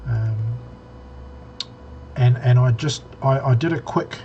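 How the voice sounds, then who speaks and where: A man's voice: mid-range voice, takes it slowly, warm tone, highs cut off, a little hiss or hum. A man co-hosting a casual tech podcast, rambling with many restarts and fillers. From New Zealand. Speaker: podcast co-host.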